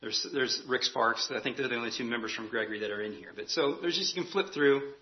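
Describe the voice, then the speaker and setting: Guy preaching a sermon, earnest, leans on repeats, mid pitch, kinda dull lo-fi sound. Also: quick pace. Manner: earnest, emphatic preaching that repeats key phrases. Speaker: pastor.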